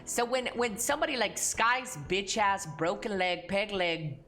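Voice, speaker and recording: A woman's voice: mid-range voice, animated, unhurried, fairly bright tone, soft background music. A woman from Mexico, a streamer chatting casually and crudely with her viewers, playful and joking. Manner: crude, playful, talks to chat, hums and sings nonsense. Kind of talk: casual livestream chat.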